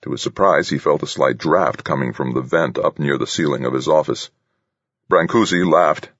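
Very deep, husky male narrator. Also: normal speed, a bit bright, no echo, dull audio. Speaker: audiobook narrator. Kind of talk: scripted narration.

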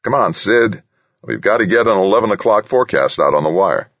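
A man reading aloud plays a quick, wiry forecaster who nudges his partner along in a lifted, urging voice. Dry, slightly dull audiobook sound. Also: lowish voice, lively intonation, fairly bright tone, no echo, pitched above the performer's own voice.

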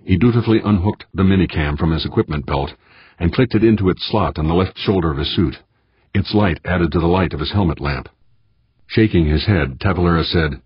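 A man reading an audiobook in a measured, steady manner. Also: low-pitched, slightly rough, no room sound, dull audio. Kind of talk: audiobook narration.

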